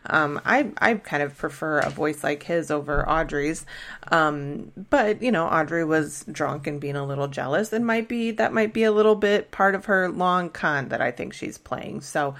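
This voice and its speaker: A woman's voice: sits low, expressive, normal speed, gravelly, fairly bright tone. A woman hosting a podcast, recapping a TV episode in a casual, chatty way with many fillers and restarts. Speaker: podcast host recapping a TV show.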